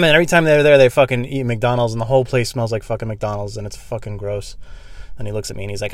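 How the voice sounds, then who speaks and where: A young man rambling through a profane comic podcast monologue from inside a parked car, breaking into sudden loud screaming bits. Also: on the low side, steady tone, fast, no echo, clean studio sound. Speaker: podcast host.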